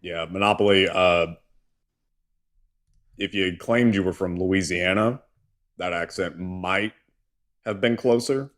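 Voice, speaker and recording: Low-voiced guy co-hosting, wry side comments, clicking in the background. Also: a little slow, pauses often, a bit bright. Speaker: co-host. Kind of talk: live political talk stream.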